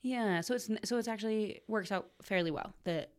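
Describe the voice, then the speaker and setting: A Connecticut woman in her forties, a fermented foods producer, chats casually as an interview guest. She speaks briskly in a mid-range voice, laughs a lot, and often trails off amid plenty of fillers.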